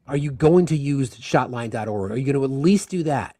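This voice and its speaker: A man hosting a live discussion stream, speaking with impassioned, rapid-fire rhetorical questions. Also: medium pitch, lively intonation, warm tone, no echo, clean studio sound. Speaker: livestream host.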